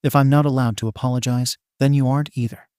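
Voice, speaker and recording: A man voicing a teenage boy hero in training who talks quietly, choked and broken through tears. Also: mid-range voice, fairly even intonation, fast talker, clear, resonant tone, no room sound, studio quality, lightly acted. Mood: tearful.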